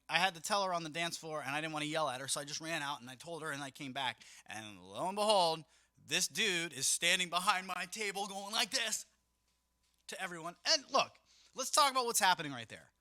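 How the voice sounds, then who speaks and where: Young man, casual storytelling, fairly high voice, bright, animated, dry close sound. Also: fairly quick, dry recording. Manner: animated, acts out quotes, swears casually. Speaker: mobile DJ and podcast host.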